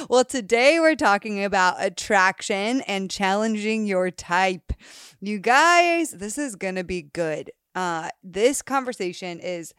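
A woman's voice: mid-range voice, animated, slow pace, fairly bright tone, smooth, no echo, studio quality. A woman in her thirties hosts a casual dating podcast. She sounds upbeat, laughs often, and talks straight to her listeners. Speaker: podcast host.

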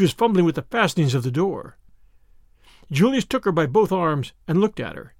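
A man narrating an audiobook with a dramatic, expressive reading. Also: on the high side, normal speed, creaky, dry recording, clean studio sound.

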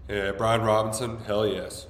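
A man co-hosting a casual sports podcast, jokey and animated, reading ads with playful sound effects. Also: fairly low pitch, unhurried, a little hiss or hum. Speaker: podcast co-host. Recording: echoey room with long reverb.

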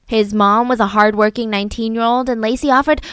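A woman casually telling a true-crime story to a co-host, chatty and animated, with frequent asides. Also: on the high side, a little fast, clear, resonant tone, no echo.

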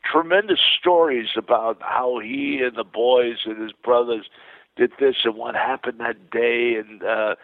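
Gravelly older man, tinny phone-like sound. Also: medium pitch, unhurried, no echo. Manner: excited, full of restarts and repeated words. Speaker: interview guest. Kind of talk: rambling anecdotal storytelling.

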